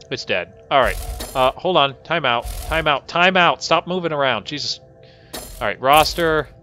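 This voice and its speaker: A man's voice: mid-range voice, pushed and bright, highs cut off. A man streaming a colony-building game, commenting live and scolding his characters in exasperated outbursts. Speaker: gaming host.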